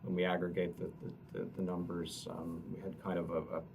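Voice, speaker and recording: A man, an economist, explaining survey results at a press conference in a halting way, often repeating words. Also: deep voice, flat delivery. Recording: distant mic with noticeable noise.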